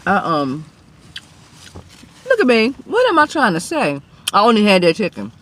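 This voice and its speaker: Hosting a mukbang from her car, a woman chats casually with viewers between bites, often murmuring approval and sounding a little out of breath. Her medium-pitched, somewhat bright voice swoops wildly in pitch at a normal speed.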